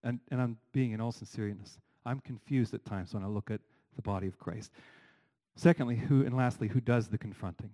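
A middle-aged man preaching a sermon as pastor, animated, asking the congregation rhetorical questions. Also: on the low side, a little fast, rough recording.

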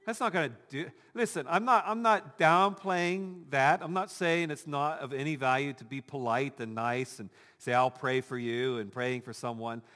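A man's voice: mid-range voice, normal speed, hardly any pauses, a bit bright. Man preaching in a reverberant hall. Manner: conversational preaching with humor, acting out imagined voices. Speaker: pastor. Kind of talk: sermon.

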